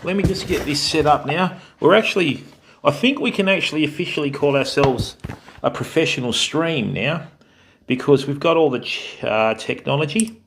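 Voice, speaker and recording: A man's voice: a little high, moderate pace, creaky, background noise. An Australian man hosting a casual live stream, chatting to viewers and calling them mate and bud. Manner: friendly, greets viewers by name, calls people mate and bud. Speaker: fishing stream host.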